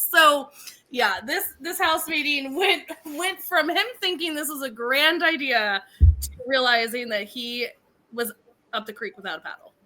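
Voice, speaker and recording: Woman, podcast co-host, high voice, very bright and sharp, sassy, laughs a lot. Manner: sassy and laughing, playful name-calling. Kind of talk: casual chat recapping a reality show.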